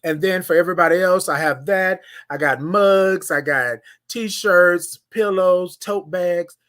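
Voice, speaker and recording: A high-pitched livestream host, talking a little slowly, leads a casual morning stream. He addresses viewers by name in an animated way and drags out his greetings.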